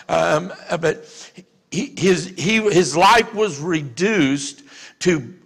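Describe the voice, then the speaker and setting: A man with a Louisiana accent preaching a sermon as pastor, talking conversationally with many restarts and rising to shouts. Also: a little high, long reverb tail.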